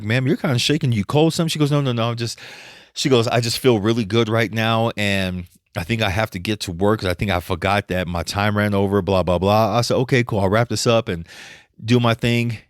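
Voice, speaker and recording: A man's voice: lowish voice, dry recording, studio quality. A man hosting a podcast, talking casually and bluntly, swearing freely and laughing often. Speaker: podcast host.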